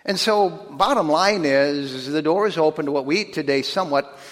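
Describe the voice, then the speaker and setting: Folksy preacher guy, high voice, acts out the bible characters, long echo in the hall. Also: moderate pace. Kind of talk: sermon.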